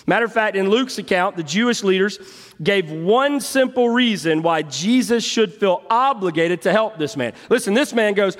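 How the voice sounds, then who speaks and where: A man's voice: sits high, animated, moderate pace, fairly bright tone, long reverb tail. A man preaching a sermon in a church as pastor, emphatic and repeating key phrases. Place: church sanctuary.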